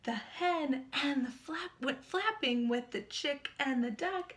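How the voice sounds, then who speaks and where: A woman leading a children's story time with sign language, reading aloud in an animated, sing-song manner and asking the children questions, from a small room. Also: high voice, takes it slowly, hardly any pauses. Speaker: children's librarian.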